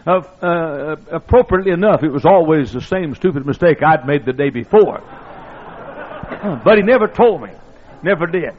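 An older pastor spins a folksy sermon story, his voice riding up and down with lively swings. He jokes at his own expense and stumbles through fillers. The recording is slightly muffled. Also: fairly high pitch, moderate pace. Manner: folksy, self-deprecating, many fillers and restarts.

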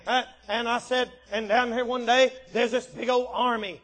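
A man preaching an animated storytelling sermon and acting out the scenes. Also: very high voice, fairly quick, few pauses.

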